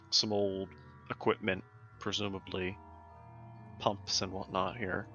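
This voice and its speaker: A man narrates a tabletop game as its game master, setting each scene with easygoing fillers. His voice sits low but has a sharp, forceful edge. The call audio is dull and lo-fi, with faint music underneath. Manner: describing scenes with loose fillers like "and whatnot".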